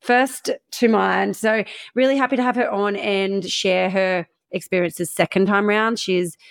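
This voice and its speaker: A woman's voice: medium pitch, steady tone, unhurried, vocal fry. A woman, co-hosting a podcast in a casual, chatty way with frequent laughs and fillers. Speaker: podcast co-host. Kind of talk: casual chat.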